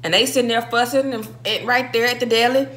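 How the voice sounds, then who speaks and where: A woman's voice: a little high, steady tone, fast, a bit bright. A woman, chatting casually as she eats on camera, telling stories with laughing asides. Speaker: vlogger eating on camera. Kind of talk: casual mukbang chat.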